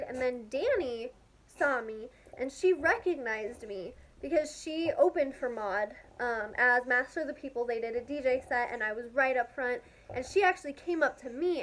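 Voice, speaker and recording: A young woman telling a story to her camera in a casual, gushing, excitable way, filling her talk with "like". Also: high voice. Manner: gushing, excitable, heavy use of "like". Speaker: vlogger.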